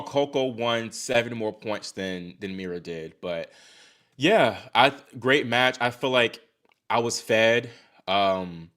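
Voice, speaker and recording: Young male livestream host from Virginia, mid-range voice, chatty and excitable. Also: mid-range voice. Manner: excitable, talks to chat, sighs and exclaims. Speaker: livestream host reacting to tennis. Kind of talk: casual live-stream chat.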